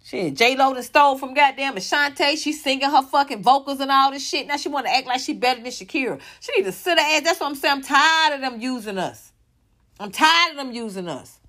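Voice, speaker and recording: A woman's voice: sits high, expressive, a little fast, bright, forceful tone. A young woman giving heated, profane reaction commentary, scornful and ranting. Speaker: commentary vlogger.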